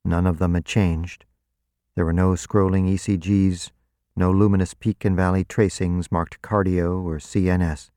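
Deep-voiced male audiobook narrator. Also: flat delivery, unhurried, warm tone, no room sound, studio quality. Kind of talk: first-person audiobook narration.

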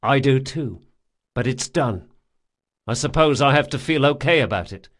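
A man puts on a wily young thief with a sardonic bite, pitched a touch higher than the narration. His retorts come quick and dry, with plenty of swing in the pitch. It is a stubborn rogue from an audiobook. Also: lively intonation, lightly acted. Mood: tender wry. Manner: wry, quick-witted retorts. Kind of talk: audiobook character voice.

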